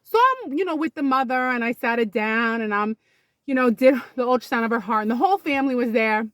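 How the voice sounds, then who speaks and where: A woman's voice: on the high side, lively intonation, brisk, no room sound. A middle-aged woman doing a chatty comic monologue, telling stories and acting out the dialogue. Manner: chatty, storytelling, acts out quoted dialogue. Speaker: comedian. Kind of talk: casual comedic monologue.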